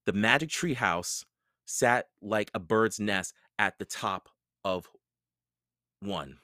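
Guy reading a kids book aloud, deepish voice, real slow and animated. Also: no echo, studio quality. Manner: slow, expressive storytelling. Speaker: storyteller. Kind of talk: children's book read-aloud.

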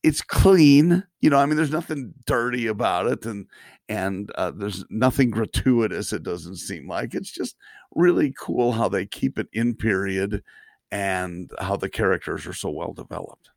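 A man with a low, gravelly voice co-hosts a podcast in easy casual chat. He often stops and restarts mid-sentence, and the sound is dry and close. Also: animated, no room sound. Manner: chatty, halting restarts, frequent laughs. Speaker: podcast co-host.

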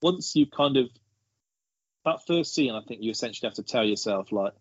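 Chatty man, husky dry mic. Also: medium pitch, expressive, brisk, no echo, dull audio. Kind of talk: casual film discussion.

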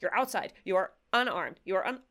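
A woman's voice: medium pitch, animated, fairly quick, a bit bright. A South African woman co-hosting a podcast in casual chat, talking freely with many "like"s. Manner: chatty, laughs often, says "like" a lot. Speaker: podcast co-host.

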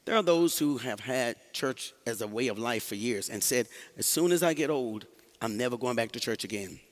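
A man's voice: mid-range voice, normal speed, in a large hall. A male pastor preaching a sermon, talking with the congregation and laughing often. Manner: animated, laughing, call-and-response with the congregation.

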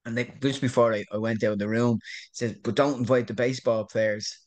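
A man's voice: medium pitch, fairly even intonation, a little fast, a little mellow. A middle-aged Irish man telling a rambling story in a casual interview, repeating words and laughing often. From Ireland. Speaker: guest.

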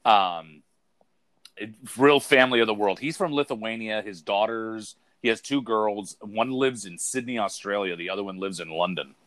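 A man in a casual chat, telling an animated story full of fillers and the word dude. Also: fairly low pitch, moderate pace, no echo.

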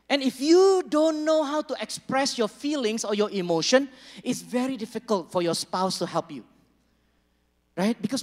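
A man's voice: very high-pitched, animated, moderate pace. A man preaching a sermon as a pastor, conversational and joking with the congregation, acting out small dialogues. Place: church hall. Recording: long reverb of a large church hall.

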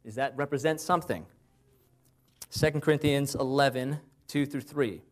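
This man's conversational sermon, delivered at medium pitch, includes rhetorical questions aimed at his listeners. He eases his pace when citing Bible verses.

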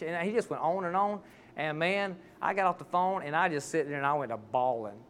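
A man's voice: a little high, normal speed, slight background noise. A man, a pastor preaching a sermon and telling heartfelt, folksy stories.

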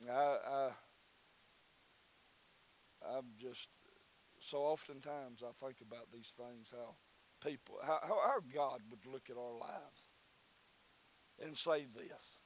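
A man's voice: mid-range voice, slow pace, pauses often, slight background noise, rough recording. A man with a Southern US accent preaching a sermon in a folksy, repetitive way that builds to fervent calls. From Southern United States. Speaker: pastor.

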